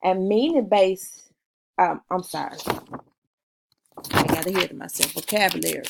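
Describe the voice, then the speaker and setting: A woman giving a recorded class presentation, reading from notes with pauses, fillers and self-corrections. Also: on the low side, creaky, heavy background noise.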